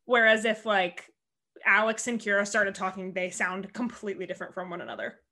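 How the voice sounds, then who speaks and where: A woman's voice: medium pitch, sharp tone. A young American woman in casual conversation, interviewing a teammate in a chatty way with lots of filler words. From United States. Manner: chatty, fast, many "like" fillers.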